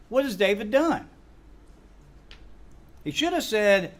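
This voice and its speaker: High-voiced man teaching scripture. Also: unhurried, long pauses. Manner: animated, acts out biblical dialogue and quizzes the class. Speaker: Sunday School teacher and church elder. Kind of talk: Bible lesson teaching.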